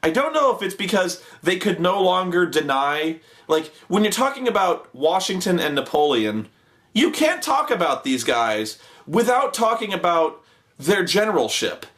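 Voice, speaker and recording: High, animated, profane ranting man. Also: normal speed. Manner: sarcastic, profane, exasperated, mimics people in exaggerated voices. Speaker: host reviewing a TV show. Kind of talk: ranting commentary.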